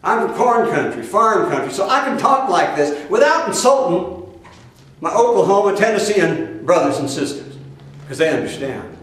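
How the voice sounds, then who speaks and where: A man's voice: sits high, big pitch swings, moderate pace, fairly bright tone, slight background noise. Emphatic man, echoey room. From Iowa, USA. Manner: emphatic, folksy, mocking asides. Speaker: spiritual teacher. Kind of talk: spiritual talk. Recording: very echoey room, heard from a distance.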